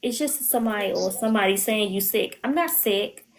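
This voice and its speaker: A woman's voice: mid-range voice, a little fast, rough recording. A woman talking openly as a podcast guest. She is emotional and candid, and she keeps slipping into quoting what she said to others. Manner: candid, emotional storytelling, quotes herself often. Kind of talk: podcast interview.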